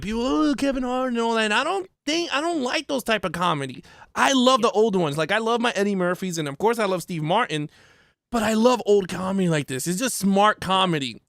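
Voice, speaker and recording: A man co-hosting a casual movie review chat, animated and laughing as he acts out favorite scenes. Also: high-pitched, no room sound, studio quality. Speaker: podcast co-host.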